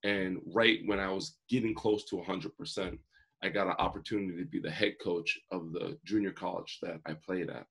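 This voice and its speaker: Low and slightly rough, with vocal fry and a fairly bright tone, his voice holds steady at normal speed. A man in his forties, he's a motivational speaker guesting on an interview, vividly and earnestly telling his life story and dramatizing quotes.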